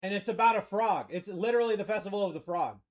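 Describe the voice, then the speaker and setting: A man from Maine with a Maine accent hosts a live card-breaking stream, calling pulls with energetic, slangy banter and shouting over big hits. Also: high voice, quick pace. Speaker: card-breaking livestream host. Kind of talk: excited live sales commentary.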